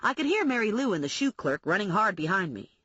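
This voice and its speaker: A woman narrating an audiobook in the first person, wry and brisk, her voice husky and her pitch animated. The recording is dead dry and slightly muffled, close to the mic. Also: no echo.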